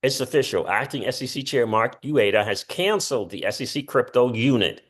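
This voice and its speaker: A man's voice: mid-range voice, lively intonation, a little fast, a bit bright. Chatty man reading crypto news. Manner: chatty, reads quotes aloud with asides. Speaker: crypto channel host. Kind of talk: casual commentary reading news posts.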